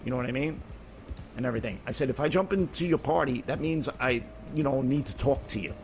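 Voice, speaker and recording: A middle-aged man in casual gaming voice chat talks fast in a medium-pitched voice with vocal fry, rambling and swearing while peppering his speech with "you know what I mean." There's a little hiss or hum on the recording.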